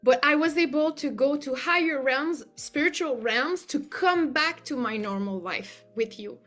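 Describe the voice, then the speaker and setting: Speaking as a client, a woman offers an earnest, gushing testimonial, filling her sentences with "like." Her voice is high, unhurried, and a bit bright, with soft music playing in the background.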